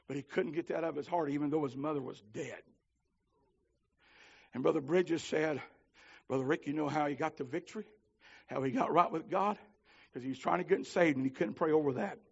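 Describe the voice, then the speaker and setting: A man preaching a holiness sermon, telling stories with fervor and swinging from shouts to low pleading. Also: gravelly, slightly rough, lo-fi sound. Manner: fervent, climbs to shouting then drops low. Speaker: minister.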